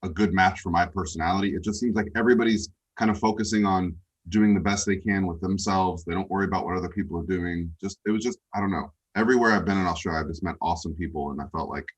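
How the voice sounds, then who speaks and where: A man speaking as a podcast guest over a remote call, relaxed and rambling with lots of fillers. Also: sits low, fast talker, husky. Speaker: guest coach. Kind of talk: casual interview chat.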